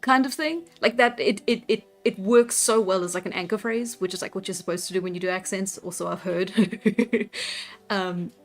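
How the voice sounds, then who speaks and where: A woman's voice: medium pitch, normal speed. A woman hosting a casual livestream, chatting in a rambling way with lots of fillers and frequent giggles. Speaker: livestream host. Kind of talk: casual livestream chat while drawing. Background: faint background music.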